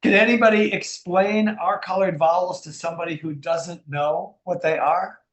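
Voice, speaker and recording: A man's voice: high-pitched, steady tone, moderate pace, a bit bright, echoey room. A man teaching an English class, playful and teasing with his students.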